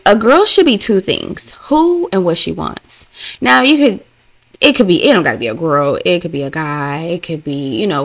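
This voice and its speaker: Chatty woman podcast host, playful. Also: fairly low pitch. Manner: chatty, playful and animated, repeats lines for emphasis. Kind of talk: casual solo podcast chat.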